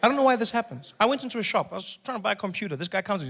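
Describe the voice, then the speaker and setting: A man performing stand-up comedy, swinging between a hushed, soft voice and loud, lively bursts. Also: high-pitched, rapid-fire. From South Africa. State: recovering from voice loss.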